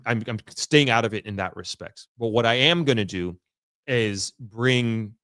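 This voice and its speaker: This man's medium-pitched voice has a fairly bright tone, captured dry at studio quality. He's a vlogger on location, chatting unscripted to camera with frequent restarts while he picks his words with care.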